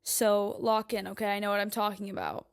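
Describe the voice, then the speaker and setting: With big pitch swings and a clean tone, a twenty-something woman talks to her audience at a slightly quick, medium-pitched clip. The podcast monologue is casual, emphatic, and full of "like" fillers.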